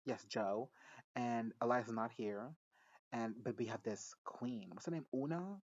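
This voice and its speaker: A man at a home microphone talks through a TV episode in a loose, rambling way. He swears freely, giggles often and trips over his own sentences. The sound is a little muffled and lo-fi, and his pitch sits in the middle. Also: measured pace. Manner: rambling, profane, giggly, self-interrupting. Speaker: show recap reviewer. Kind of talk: casual recap and reaction.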